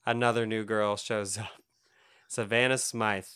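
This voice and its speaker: A man's voice: lowish voice, flat delivery, measured pace, fairly bright tone, clean tone. A young man co-hosting a casual podcast chat, laughing often as he talks. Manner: laughs often, loose and chatty. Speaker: podcast co-host. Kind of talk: casual chat about comics.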